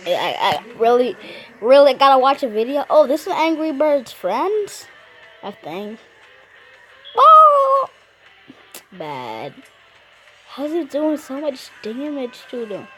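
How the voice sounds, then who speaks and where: A woman's voice: high-pitched, sing-song, measured pace, over music, poor audio. A woman giving casual, playful commentary while playing a game, talking to the characters and cracking puns. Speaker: gamer.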